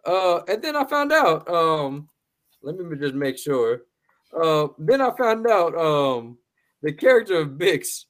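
A man with a somewhat high voice hosts a casual movie review chat. He is blunt and profane and laughs often. He repeats words as he talks. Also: big pitch swings, slow, a bit bright. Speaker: podcast host.

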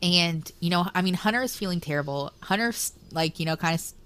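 A woman's voice: lowish voice, fast, a bit bright, smooth. A woman co-hosting a book podcast in casual chat, laughing often and reading quotes aloud. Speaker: podcast co-host.

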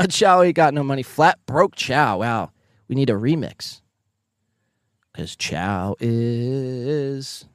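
A man with a Northeastern American accent hosting a live podcast, casually reading chat messages aloud, joking and swearing, with sudden loud bursts. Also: lowish voice, no room sound, clean studio sound. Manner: profane, joking, animated bursts. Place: home, near neighbors.

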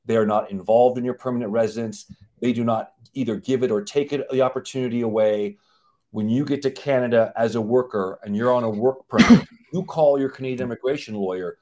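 A man with a middle pitch explains procedures with firm emphasis. He breaks into little acted-out exchanges, voicing clients and lawyers as he goes. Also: brisk, dark tone. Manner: emphatic, acts out quoted exchanges. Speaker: guest, company CEO. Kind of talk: explaining live-stream chat.

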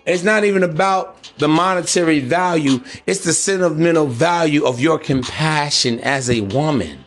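Male podcast host, slightly high voice, blunt and preachy, street slang, faint music underneath. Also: moderate pace, hardly any pauses. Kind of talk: casual monologue.

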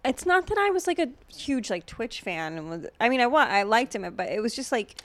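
A woman's voice: fairly high pitch, big pitch swings, a little fast, a bit bright. A woman co-hosting a podcast in casual chat, blunt and profane, joking, with lots of fillers. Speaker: podcast co-host.

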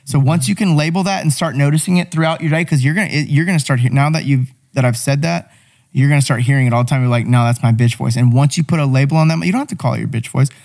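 A man's voice: medium pitch, fast talker, gravelly, a little mellow. Young man, podcast guest, swears freely, pushy motivational talk. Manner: blunt, profane, motivational. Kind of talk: casual podcast chat.

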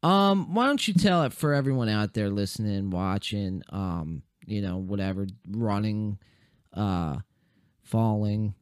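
A young man hosts a loose podcast chat, rambling and swearing with plenty of fillers. His voice is wearing thin and hoarse. He sounds close and dry, with no room around him. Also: lowish voice, expressive, measured pace, dry recording. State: losing his voice. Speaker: podcast host.

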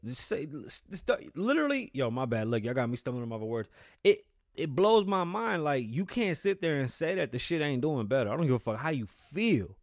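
A man hosting his own podcast, talking loosely and excitably, swearing often and stumbling over words. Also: medium pitch, fairly quick, dry recording, clean studio sound. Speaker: podcast host. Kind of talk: casual solo podcast talk.

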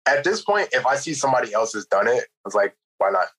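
A man co-hosting a podcast, chatting in a relaxed, matter-of-fact way. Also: mid-range voice, quick pace, breathy edge, rough recording. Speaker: podcast host. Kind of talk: casual podcast chat.

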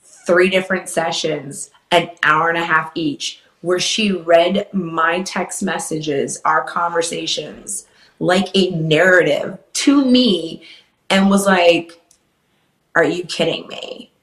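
A young woman candidly recounting a painful relationship as an interview guest, swearing freely and rising in pitch as she gets upset. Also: slow pace, a bit bright. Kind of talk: emotional personal storytelling. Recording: roomy echo.

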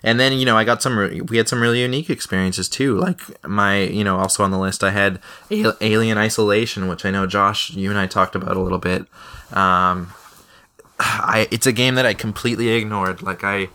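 Young male podcast host, low and bright, loose profane chat, lots of restarts. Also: a little fast, clear, resonant tone. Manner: rambling, profane, many restarts.

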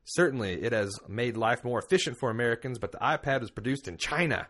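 A man's voice: mid-range voice, animated, quick pace, fairly bright tone. A man reading quotes aloud in a put-on, overdone Southern US accent, mocking the speaker. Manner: mocking, overdone, breaks into laughs.

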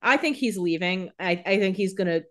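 A woman's voice: mid-range voice, a little fast, fairly bright tone. A woman co-hosting a casual recap podcast, adding joking asides and talking loosely with lots of "like.". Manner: joking asides with many "like" fillers. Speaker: podcast co-host.

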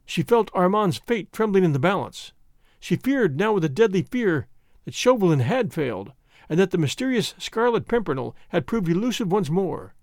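Expressive male audiobook narrator, dry close sound. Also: high voice, no echo. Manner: expressive storytelling. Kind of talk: audiobook reading of a classic novel.

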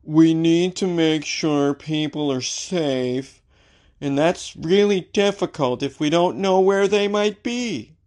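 A man's voice: a little high, takes it slowly, a little mellow, pitched above the performer's own voice. A man putting on a droning corporate spokesman.

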